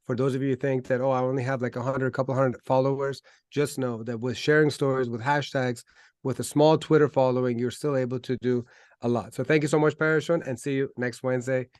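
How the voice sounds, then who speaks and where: A man's voice: mid-range voice, fairly even intonation, a little fast, darkish tone, no echo, studio quality. A man hosting an online talk show, speaking enthusiastically with frequent ums and restarts. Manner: enthusiastic, hesitant with fillers. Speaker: host.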